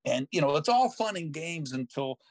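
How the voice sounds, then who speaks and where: An older man hosting a podcast, telling a long story in a lively, self-mocking way and slipping into other people's voices. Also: a little high, normal speed, no echo. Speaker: podcast host. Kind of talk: storytelling in casual chat.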